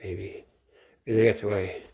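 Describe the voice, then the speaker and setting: A middle-aged man giving a rambling late-night monologue, swearing often and trailing off into low mutters. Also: little pitch movement, slow pace, darkish tone, slightly rough. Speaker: channel host. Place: home at night.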